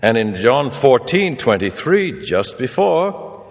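A man's voice: mid-range voice, big pitch swings, slow. Man preaching in an echoey hall. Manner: storytelling, acts out the people he quotes. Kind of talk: sermon. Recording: reverberant hall.

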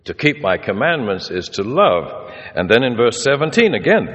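A man's voice: medium pitch, very animated, normal speed. A male preacher telling stories in a sermon, acting out the people he quotes. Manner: storytelling, acts out the people he quotes. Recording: reverberant hall.

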